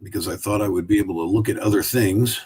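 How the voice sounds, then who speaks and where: A fast-talking Oregon man with a low, husky, darkish voice hosts a casual live stream from a room at home, seated in a wooden chair. He rambles and chats, talking to his dog as he goes.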